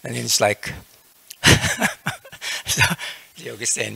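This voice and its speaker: A man's voice: medium pitch, flat delivery, takes it slowly, creaky, pauses often, sharp tone, slightly rough, no echo. A man leading a religious class, telling a parable casually, with frequent "you know" fillers. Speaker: lecturer in a temple class.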